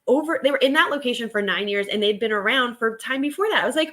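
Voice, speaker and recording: Chatty, excitable woman streaming live. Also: sits high, fairly quick. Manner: chatty and excitable, reads viewer comments aloud and greets them by name; laughs often, rambling restarts. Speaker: reseller hosting a live stream. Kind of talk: casual live-stream chat while working.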